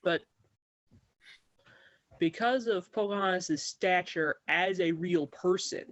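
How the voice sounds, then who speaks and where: A man's voice: sits high, takes it slowly, a bit bright, no echo. Earnest man on a dull lo-fi line. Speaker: podcast guest. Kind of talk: casual chat.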